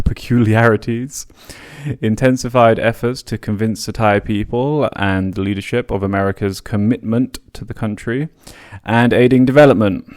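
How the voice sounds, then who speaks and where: A podcast host with a somewhat low voice reads long passages aloud from a history book, paraphrasing along the way. He blends the quotes with relaxed asides, occasionally tripping over a word and starting it again.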